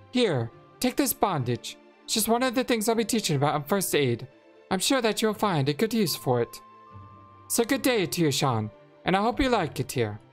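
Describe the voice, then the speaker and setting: A woman's voice: mid-range voice, pitched above the performer's own voice. Moira, a woman voicing a kindly healer lady. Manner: gentle, formal old-fashioned phrasing. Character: kindly female healer and paladin teacher. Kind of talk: reading game dialogue aloud in character.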